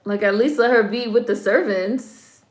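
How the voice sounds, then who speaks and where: A woman's voice: a little high, moderate pace. Chatty woman with wry asides, roomy sound. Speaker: film reaction vlogger. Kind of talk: casual movie-watching commentary.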